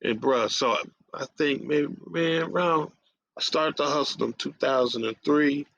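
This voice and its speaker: Gravelly-voiced man telling a profane street story. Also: a little high, a little slow, a bit bright, dry recording. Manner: profane, streetwise slang, frequent "man" fillers. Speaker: radio show host. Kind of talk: casual storytelling monologue. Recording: dull lo-fi audio.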